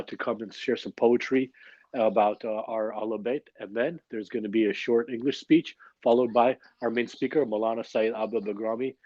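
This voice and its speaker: A man hosts a religious gathering on a livestream. His talk is quick, upbeat and informal, with jokes. The recording is dry and a bit dull. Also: fairly low pitch, a little mellow, dry recording. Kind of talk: casual livestream announcing. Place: online livestream.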